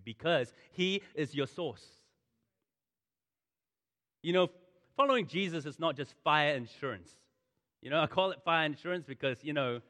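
Impassioned preacher in a hall. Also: male voice, medium pitch, pushed and bright. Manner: impassioned, repeats phrases for emphasis. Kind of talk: sermon. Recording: long reverb of a large hall.

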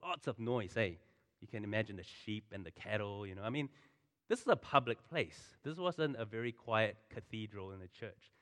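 A pastor giving a sermon in a conversational, animated way, full of asides and storytelling. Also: male voice, on the low side, normal speed. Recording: long hall reverb.

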